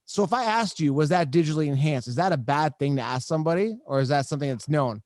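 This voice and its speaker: Chatty podcast host guy, kinda high voice, dry close sound, jokey. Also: animated, quick pace, no echo. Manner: chatty, joking, lots of "like" and "right?". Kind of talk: casual interview chat. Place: home podcast studio.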